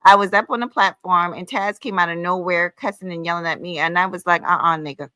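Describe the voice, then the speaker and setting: A woman's voice: lowish voice, fairly even intonation, brisk, bright, forceful tone, smooth, no echo. A woman hosting her own livestream, ranting heatedly in a sassy, profane, scolding way, calling listeners honey and child. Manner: emphatic, with frequent "honey" and "child". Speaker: livestream host.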